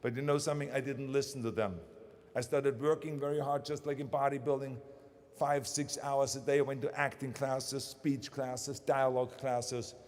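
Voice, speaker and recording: A man's voice: medium pitch, little pitch movement, moderate pace, darkish tone. Emphatic German-accented man, echoing venue. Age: 60s. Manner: emphatic, repeats phrases for punch. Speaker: commencement speaker. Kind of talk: motivational commencement speech. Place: large ceremony venue.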